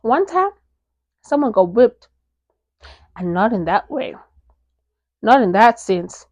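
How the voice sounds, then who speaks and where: In her casual book recommendation vlog, this young South African reviewer raves excitedly about books she loves, leaning heavily on the word "like." Her voice is a little high, her pace slow, and she pauses often. The recording has no echo.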